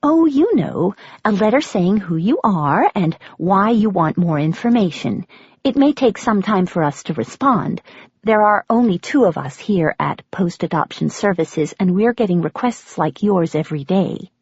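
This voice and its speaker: A woman voicing a brisk, efficient American woman working as an agency clerk, with a nasal voice and an American accent. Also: mid-range voice, animated, darkish tone, husky, no room sound, dull audio. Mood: efficient, chatty.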